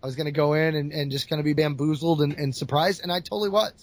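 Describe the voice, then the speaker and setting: High-voiced animated storyteller, man. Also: quick pace. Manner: animated storyteller, laughs often. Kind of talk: casual chat, retelling a comic.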